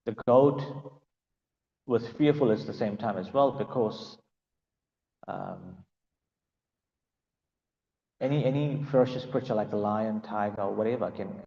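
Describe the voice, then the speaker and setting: A man's voice: mid-range voice, gravelly, a little mellow, reverberant, in a large hall, highs cut off. A man giving a devotional class and telling a story, hesitant and full of fillers. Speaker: class speaker.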